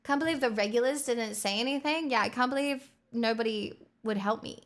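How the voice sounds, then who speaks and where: A woman's voice: fairly high pitch, fairly quick, fairly bright tone. A woman livestreamer chatting casually on a headset mic, bubbly and rambling with self-mocking jokes.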